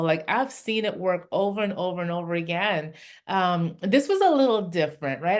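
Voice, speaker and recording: An older woman, a parenting coach hosting a podcast, recounting work experiences in an affirming, conversational way. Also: on the low side.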